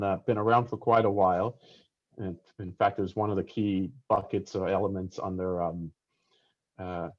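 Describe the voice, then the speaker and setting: Husky, lower-voiced male swim coach. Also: a little mellow, highs cut off. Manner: explanatory, halting with many fillers. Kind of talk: podcast explanation. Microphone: video call.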